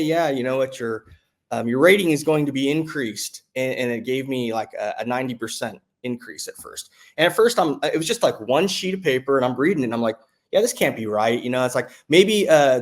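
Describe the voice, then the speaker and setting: Rambling, excitable veteran man. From United States. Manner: rambling and halting, with frequent restarts and fillers; excitable, pitch jumping up when retelling quotes. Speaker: military veteran client giving a testimonial. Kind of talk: casual spoken testimonial.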